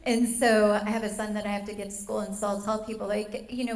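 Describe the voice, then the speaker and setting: A woman's voice: medium pitch, quick pace, echoey room. A woman, a voice actor and former radio DJ, telling stories in a casual panel chat, often laughing as she talks. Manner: laughing, animated storytelling.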